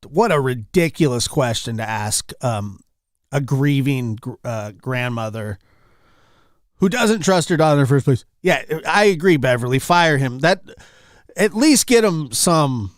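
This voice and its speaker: A man's voice: medium pitch, lively intonation, a little slow, no echo, clean studio sound. A man hosting an online commentary show, reacting to news clips in an exasperated, repetitive way. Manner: exasperated, repetitive, swings loud and soft. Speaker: commentary channel host.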